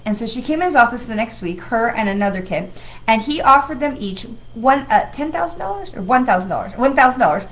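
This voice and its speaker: A woman with a mid-range voice hosts her weekly livestream as a psychic medium, chatting at a normal pace in a rambling, enthusiastic way. Now and then she coughs, something she picked up from travel. The recording is rough, and the talk is casual livestream chatter.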